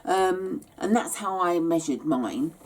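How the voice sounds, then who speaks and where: Sleepy woman walking thru a sewing project, low voice, slow, lots of ums. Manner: chatty and rambling, many hesitations. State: tired, yawning. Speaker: sewing tutorial host. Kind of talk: casual step-by-step craft tutorial.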